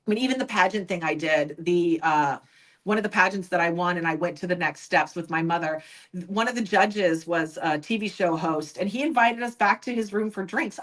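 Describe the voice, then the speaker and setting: A woman's voice: lowish voice, fairly bright tone, poor audio. A woman guest on a podcast, speaking candidly about her past and acting out other people's lines when she quotes them. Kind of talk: personal storytelling in an interview.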